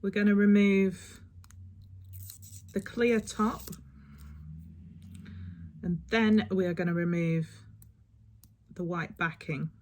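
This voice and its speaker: A woman walks her viewers through a beauty tutorial, chatty and instructive. Her voice sits in a middle pitch, and she wanders off track now and then before coming back to the steps. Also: fairly even intonation, takes it slowly, long pauses, darkish tone. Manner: chatty, instructive, slightly rambling. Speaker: beauty vlogger. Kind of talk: step-by-step nail tutorial.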